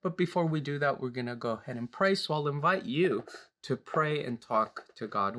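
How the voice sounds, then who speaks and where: A man's voice: medium pitch, expressive, normal speed. A man hosting a church Sabbath School program, chatting casually with a co-host and making announcements, often repeating and restarting his phrases. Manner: warm, joking, restarts phrases. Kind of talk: church program talk and prayer.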